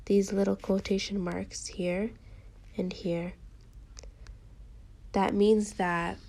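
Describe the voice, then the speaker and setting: Slow, patient woman teacher. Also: medium pitch, vocal fry, darkish tone. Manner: patient, slow, explaining each step. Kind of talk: reading lesson for a young child.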